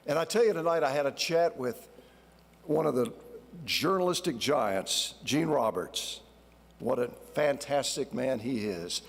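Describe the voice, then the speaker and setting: A man's voice: medium pitch, vocal fry. A man in his sixties from North Carolina, a retired TV broadcaster, giving a grateful, heartfelt award acceptance speech at a podium in a large ceremony hall. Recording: reverberant hall.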